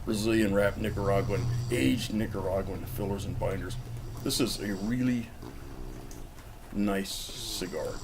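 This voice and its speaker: A man speaks in a fairly low, steady voice at a measured pace while reviewing a cigar outdoors in the cold. His rambling vlog is casual, with chatty jokes aimed at the viewer and background noise in the mix.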